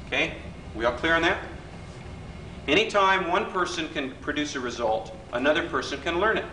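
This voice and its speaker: A man teaches a workshop in a bright, forceful voice, chatting with his audience and asking them to agree. He is picked up from across an echoey hotel function room, with a faint hiss underneath. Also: medium pitch, distant mic. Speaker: workshop leader. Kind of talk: live workshop lecture.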